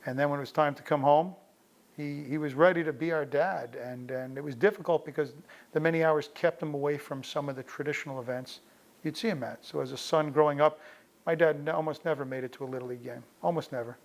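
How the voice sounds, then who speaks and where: A man's voice: on the high side, fairly even intonation, quick pace, creaky. A middle-aged man with a slightly raised voice tells stories about his father. He talks casually and anecdotally, often breaking off and restarting his sentences. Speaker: interviewee recalling his father. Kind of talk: personal storytelling.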